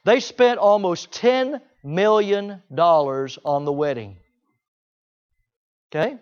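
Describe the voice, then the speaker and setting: A man preaching a sermon, emphatic, repeating key phrases and swinging between loud declarations and hushed asides. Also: high-pitched, animated, measured pace, long pauses. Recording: dull lo-fi recording.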